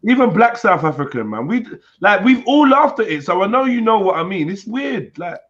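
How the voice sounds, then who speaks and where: Loud teasing man on a stream. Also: sits high, big pitch swings, fairly quick. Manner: loud, teasing, laughs often. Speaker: live stream host. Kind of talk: casual panel banter. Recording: muffled streaming audio.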